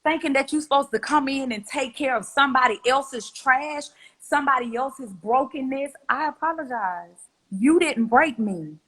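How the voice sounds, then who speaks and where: A woman's voice: sits high, normal speed, a bit bright, slightly rough, rough recording. A young adult woman giving a heartfelt spoken apology, earnest and emotional, repeating herself. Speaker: guest.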